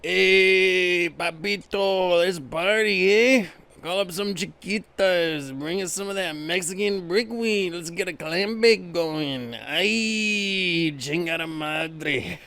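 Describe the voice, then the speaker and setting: A man's voice: high-pitched, slow, gravelly, pitched above the performer's own voice, heavily acted. A man voicing a rowdy male Mexican beach bum who is out to party. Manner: loud, slangy, party-hungry.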